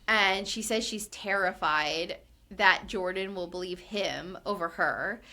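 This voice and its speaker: A woman podcast co-host chatting through a reality show recap. Her voice sits bright and forward, and she leans on "like" as she retells scenes and quotes the cast. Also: mid-range voice. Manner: chatty, fillers of "like", acts out quotes with rising exasperation. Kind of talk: casual chat.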